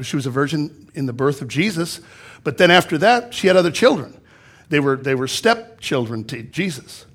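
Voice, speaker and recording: A man, a pastor, preaching a sermon in a church, reading scripture aloud and explaining it with emphatic repetition. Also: a little high. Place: church sanctuary.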